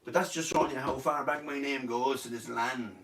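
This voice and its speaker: A man's voice: medium pitch, fairly even intonation, fairly quick, fairly bright tone, roomy sound, recorded from a distance. A man in his thirties with an Irish accent chatting on a live stream, joking and rambling, slipping into silly voices. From Ireland. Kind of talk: casual live-stream chat.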